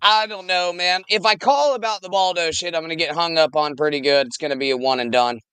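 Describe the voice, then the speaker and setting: A man's voice: on the high side, fast talker, bright, forceful tone, smooth, no echo. A man chatting casually and laid-back on a podcast, swearing often. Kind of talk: casual chat.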